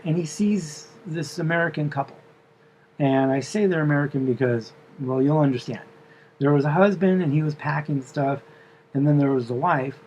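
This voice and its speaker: A man's voice: mid-range voice, a little mellow, highs cut off, a little hiss or hum. A man telling the story of a dream in a casual, meandering way, full of fillers and asides.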